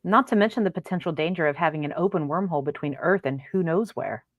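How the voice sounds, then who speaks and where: A woman's voice: deep voice, fast talker, dry recording, narrow, tinny audio. A woman reading as a scientist major. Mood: matter-of-fact. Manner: plain script read-through in her own voice. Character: sharp female scientist major.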